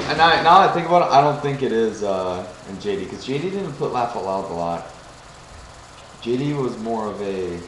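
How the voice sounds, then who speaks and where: A young man streams from his home kitchen, tossing out crude jokes and wandering from one thought to the next. The webcam sound is roomy, with a steady layer of crickets and insects behind him. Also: on the low side. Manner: joking, crude, easily distracted. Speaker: webcam streamer chatting with viewers. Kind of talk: casual rambling live chat. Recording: roomy home room with noisy background.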